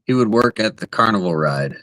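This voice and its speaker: A man's voice: on the low side, expressive, fairly quick, fairly bright tone. A man co-hosting a podcast in laid-back, joking, profane casual chat. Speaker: podcast co-host.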